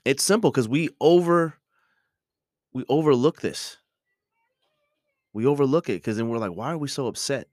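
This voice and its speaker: A man's voice: mid-range voice, moderate pace, long pauses, a little mellow, no echo, studio quality. A middle-aged man hosting a podcast, talking in a casual, reflective monologue full of restarts and ums. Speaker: podcast host.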